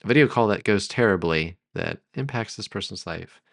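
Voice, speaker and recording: Easygoing male co-host, low-pitched, halting filler-heavy delivery, dry mic. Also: expressive, gravelly, a bit bright, no room sound. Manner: hesitant, many fillers, easygoing. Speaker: podcast co-host. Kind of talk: casual chat, pitching story ideas.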